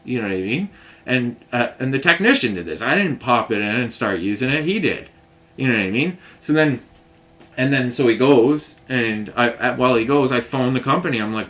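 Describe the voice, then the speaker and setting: A young man rambling through a frustrated complaint story in casual vlog talk, often slipping into higher voices for the people he quotes. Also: fairly bright tone. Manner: rambling, frustrated, mimics others with raised pitch. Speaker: vlogger telling a complaint story.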